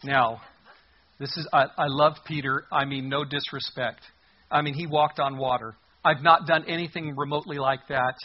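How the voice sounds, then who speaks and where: A man's voice: on the high side, steady tone, moderate pace, muffled recording. A man preaching a sermon in a conversational, humorous way, reading scripture aloud. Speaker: pastor.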